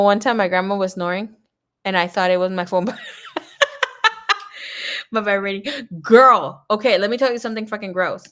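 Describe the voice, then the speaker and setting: Woman tarot reader rambling on a livestream, swears a lot, laughs a lot, mid pitch. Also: fairly bright tone. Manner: chatty, profane storytelling; laughs often. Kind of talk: casual livestream chat.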